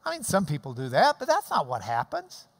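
A pastor with a brisk, mid-range voice delivers a sermon with Bible teaching, telling stories and explaining scripture in an animated way. He even mimics clapping, and a long hall reverb surrounds him.

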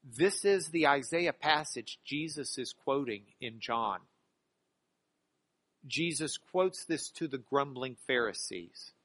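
A man preaching a sermon in church, lively and humorous, acting out the Bible passages he quotes. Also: mid-range voice. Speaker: pastor.

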